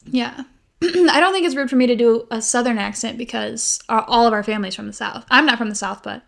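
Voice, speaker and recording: A young woman with a fairly high voice co-hosts a podcast. She chats in a loose, rambling way and giggles often, with "like" in nearly every sentence. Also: fairly quick, vocal fry, fairly bright tone. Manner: rambling, giggly, heavy use of "like". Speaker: podcast co-host. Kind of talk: casual chat.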